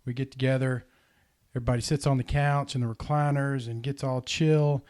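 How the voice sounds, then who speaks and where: A man telling a heartfelt personal story in a casual podcast chat, earnest and animated. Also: mid-range voice, brisk. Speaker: podcast host.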